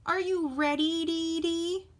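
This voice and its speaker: A woman voicing an excited little chickadee bird in a read-aloud storybook, chattering and repeating herself. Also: very high-pitched, slow, voice pushed up.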